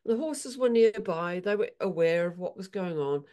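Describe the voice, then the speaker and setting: Mellow-voiced woman, animated storyteller. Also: lowish voice, normal speed, lo-fi sound. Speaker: equine therapist and author. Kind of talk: storytelling in an interview.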